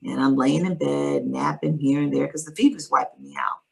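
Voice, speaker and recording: A woman speaks in a low, gravelly register with a husky edge to her voice. She is an interview guest, recounting a personal story in a calm, reflective way. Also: moderate pace, low-quality recording.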